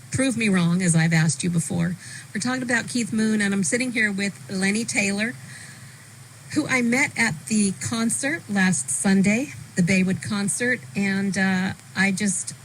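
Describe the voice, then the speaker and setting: Female radio host, mid pitch, eager and chatty, faint studio hiss. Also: rough recording. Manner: enthusiastic, chatty, a bit halting. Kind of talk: casual radio interview.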